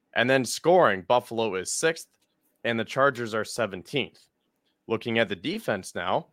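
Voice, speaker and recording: A man's voice: medium pitch, fairly bright tone, no room sound, studio quality. A man co-hosting a sports podcast, rambling a bit as he reads off team stats. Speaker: podcast co-host. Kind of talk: casual sports podcast chat.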